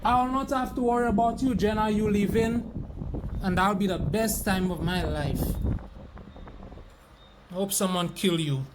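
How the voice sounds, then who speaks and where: A man's voice: high-pitched, moderate pace. A man arguing angrily with a family member, swearing and confrontational. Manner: angry, profane, confrontational. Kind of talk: heated family argument. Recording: noisy home recording.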